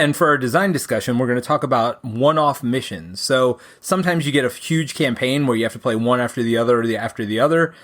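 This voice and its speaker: A man co-hosting a board game podcast in casual chat, with a dry, easygoing humor. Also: mid-range voice. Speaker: podcast co-host, game designer.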